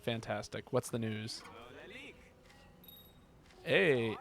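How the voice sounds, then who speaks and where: Talking slowly with long pauses, a man with a fairly high voice plays a game on stream. He keeps things relaxed and jokey, reading viewers' chat aloud as they talk, and there's slight background noise.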